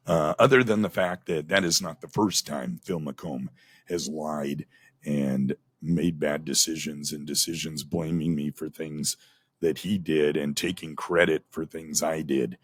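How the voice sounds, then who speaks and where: A man's voice: very deep voice, a little slow, slightly rough, dry recording. A middle-aged man, a former radio host, telling a candid personal story in a plainspoken, aggrieved way. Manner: plainspoken, aggrieved, recounts dialogue in quotes.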